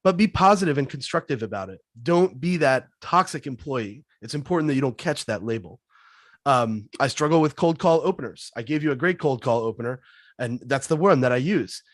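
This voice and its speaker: Energetic man, dry close sound. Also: mid-range voice, brisk, no room sound. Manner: energetic, punchy, coaching. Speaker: guest sales trainer. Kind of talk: webinar Q&A answers.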